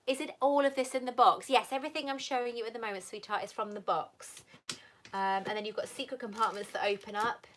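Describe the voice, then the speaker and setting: A woman's voice: on the high side, fairly bright tone. Chatty gushing woman on a livestream. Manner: chatty and gushing, calls viewers "lover" and "sweetheart". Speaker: livestream host answering viewer questions. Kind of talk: casual live Q&A chat.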